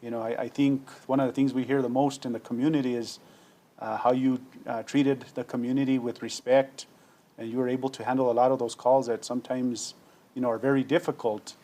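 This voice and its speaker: Sincere council member, halting speech. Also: male voice, medium pitch, flat delivery, dark tone. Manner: halting, many fillers and restarts, sincere. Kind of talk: ceremonial tribute speech.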